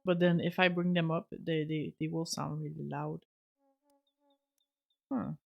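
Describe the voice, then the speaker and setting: Soft-spoken woman with a gravelly voice. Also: sits low, flat delivery, a little slow, highs cut off. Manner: chatty, self-interrupting, soft-spoken. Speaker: streamer. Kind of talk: casual game commentary.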